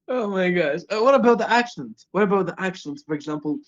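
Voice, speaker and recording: A man's voice: high-pitched, lively intonation, brisk. A man hosting a casual interview, asking questions eagerly and laughing a lot. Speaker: host. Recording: dull lo-fi audio.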